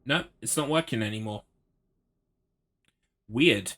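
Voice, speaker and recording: A man's voice: mid-range voice, takes it slowly, fairly bright tone. A young man streaming a horror game, ranting sarcastically and swearing as he gets frustrated. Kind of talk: live gameplay commentary.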